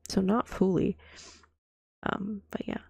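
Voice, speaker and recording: A young woman with a cold-roughened, hoarse voice, chatting in a whispered role-play as a streamer, soft and breathy and often dropping to a whisper. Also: medium pitch, fairly even intonation, takes it slowly, no echo, clean studio sound. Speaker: vtuber streamer.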